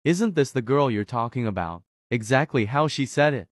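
A woman's voice: very deep voice, expressive, moderate pace, no room sound, clean studio sound. A woman voicing Alex, a crude, teasing teenage boy, in a Roblox roleplay.

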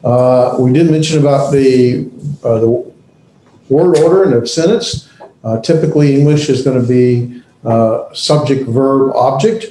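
A man teaching a class, speaking haltingly with many pauses and restarts. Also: mid-range voice, warm tone, echoey room, slight background noise, rough recording. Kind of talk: classroom lecture.

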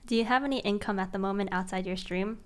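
A young woman streaming, chatting casually and excitedly with viewers, gushing and giggly with lots of slang. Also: mid-range voice, fast talker.

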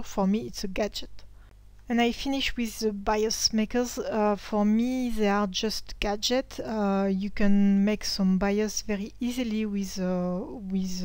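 A woman's voice: mid-range voice, darkish tone, clean tone, no echo. A woman with a French accent and French as her first language, hosting a sewing tutorial in a casual talk to camera. She speaks hesitantly as she searches for words. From France. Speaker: historical sewing channel host.

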